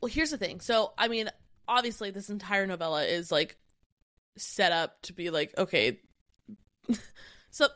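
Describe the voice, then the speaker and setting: A woman co-hosting a book club podcast, reacting in casual chat with quick, fragmented asides and laughter. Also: medium pitch, a bit bright, no echo, clean studio sound.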